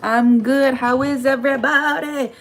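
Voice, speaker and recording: A woman's voice: high voice, fairly even intonation, measured pace, slight background noise. A woman chatting casually in a home vlog, playful and slangy, talking from her kitchen. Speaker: vlogger and mom.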